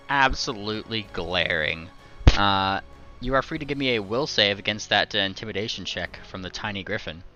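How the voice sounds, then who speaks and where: A man's voice: lowish voice, a little fast, hardly any pauses, sharp tone, soft background music. A man narrating a tabletop game as game master, hesitant and full of filler words, on a home mic. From not from Scotland or Britain. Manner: hesitant, full of ums and uhs.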